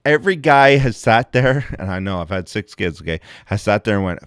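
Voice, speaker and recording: A man's voice: fairly low pitch, expressive, a little fast, hardly any pauses, clean tone, dry recording, studio quality. Blunt, profane middle-aged man ranting. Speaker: livestream host. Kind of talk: casual livestream chat.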